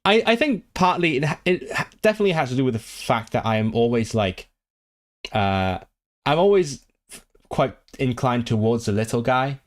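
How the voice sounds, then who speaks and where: A man hosting a relaxed livestream, talking straight into a desk mic. His voice sits in a middle pitch, and he rambles, trips over his own restarts and fillers, and reads chat messages aloud. He sounds keen and animated when the talk turns to languages he likes. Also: moderate pace. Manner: enthusiastic about languages. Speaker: language streamer.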